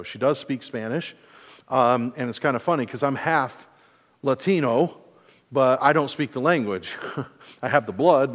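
Recorded with a long reverb tail, this mid-Michigan pastor in his forties delivers a casual, joking sermon at a medium pitch. He pokes fun at himself and acts out the quotes he shares.

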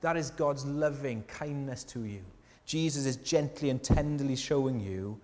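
Male pastor preaching in a church with long hall reverb, conversational and earnest, mid-pitched voice, many rhetorical questions. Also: normal speed. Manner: earnest and tender, dropping softly at key lines. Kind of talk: sermon.

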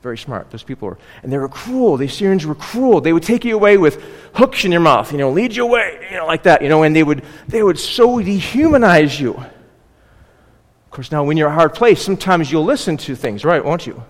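Brief: a male pastor, casual sermon delivery, slightly high voice, long hall reverb. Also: sing-song, brisk. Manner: conversational, with frequent asides and "you know, right?". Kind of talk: expository sermon.

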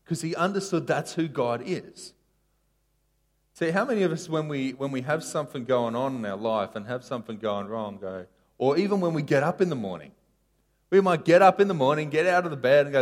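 A man preaching a casual sermon, telling a story with sharp rises and drops in his voice. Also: mid-range voice, fairly quick. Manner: animated storytelling, voice rising and falling sharply.

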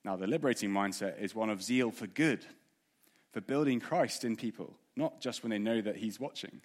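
A man's voice: on the low side, moderate pace. A man preaching a sermon in an earnest way, asking the congregation rhetorical questions.

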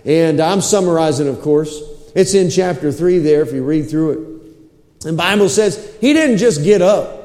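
Male preacher, sermon, high voice, story told with acted quotes, echoey hall with long reverb. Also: measured pace. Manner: lively storytelling, acting out the scripture.

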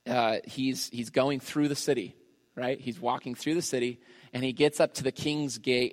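A man's voice: medium pitch, in a large hall. A man preaching a sermon in a casual, conversational way, with frequent fillers and restarts. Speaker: pastor.

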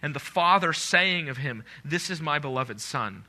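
A man's voice: on the high side, animated, normal speed, sharp tone. A man preaching a sermon in a conversational way, asking his congregation questions.

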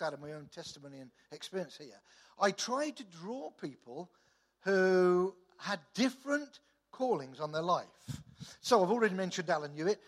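A middle-aged man, a church leader, tells anecdotes in a chatty sermon talk, often stumbling over his words and restarting. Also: high-pitched. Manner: chatty storytelling with stammered restarts.

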